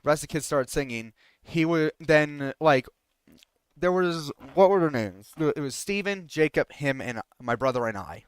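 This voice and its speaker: Man with a smooth, slightly high voice. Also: lively intonation, measured pace, dry recording, clean studio sound. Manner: rambling, frequent restarts and fillers; indignant. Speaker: streamer. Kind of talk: casual storytelling while gaming.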